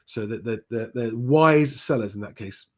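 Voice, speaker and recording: A man's voice: mid-range voice, normal speed. Chatty man answering viewer questions. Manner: chatty and plain-spoken, with frequent ums and restarts. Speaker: property advice host. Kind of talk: live Q&A, reading viewer comments aloud.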